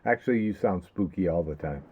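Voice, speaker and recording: A man's voice: deep voice, fairly quick, a little hiss or hum. A man co-hosting a casual podcast, laid-back and mostly giving short agreeing replies. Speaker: podcast co-host. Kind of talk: casual chat. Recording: tinny phone-like line.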